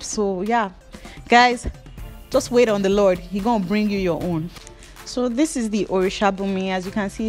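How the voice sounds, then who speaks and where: A young Nigerian woman hairdresser hosting a vlog, telling a casual personal story in an animated way and acting out her inner voices with dramatic flair. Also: medium pitch. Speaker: hairdresser host.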